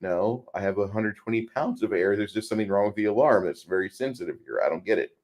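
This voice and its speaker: A man's voice: fairly low pitch, quick pace, darkish tone. A man co-hosting a casual movie podcast, rambling with frequent restarts and putting on voices for quotes. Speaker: podcast co-host; truck driver.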